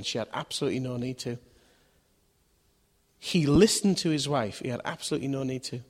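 A man preaching a sermon in a conversational way, asking his listeners questions and acting out voices in his stories. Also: medium pitch. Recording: long hall reverb.

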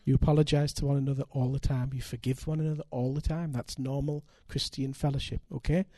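Older preacher, emphatic and dry. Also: male voice, medium pitch, quick pace, no room sound. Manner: animated, building to loud emphatic peaks. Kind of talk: sermon with storytelling.

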